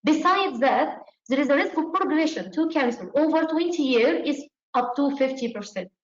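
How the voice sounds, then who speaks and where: Woman medical tutor, slightly high voice, methodical step-by-step lecturing, echoey lo-fi room. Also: expressive, normal speed. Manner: methodical, step-by-step instruction, acting out doctor lines. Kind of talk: exam-prep lecture. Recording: echoey room, dull lo-fi sound.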